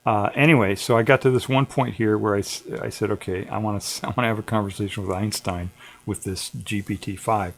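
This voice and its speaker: Laid-back rambling man, lowish voice. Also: steady tone, brisk. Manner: digressive, laid-back, chuckling often. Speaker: livestream host. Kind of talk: casual rambling livestream chat.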